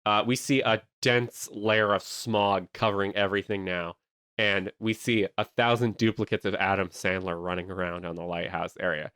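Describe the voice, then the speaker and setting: A man hosting a comedy podcast, telling an improvised movie pitch with lots of energy and silly voices. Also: moderate pace, smooth, dry recording, clean studio sound. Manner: animated storytelling with silly voices.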